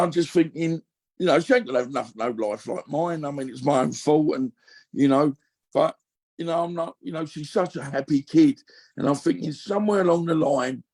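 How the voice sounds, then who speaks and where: Gravelly husky man. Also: on the high side, moderate pace, darkish tone. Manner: rambling, many fillers and restarts. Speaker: guest. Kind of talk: candid podcast chat.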